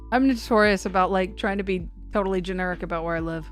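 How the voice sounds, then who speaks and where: A woman's voice: mid-range voice, fast talker, hardly any pauses, faint music behind. A woman hosting a severe weather live stream, chatting loosely and poking fun at herself as she talks to her chat. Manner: rambling and self-mocking, talks to chat.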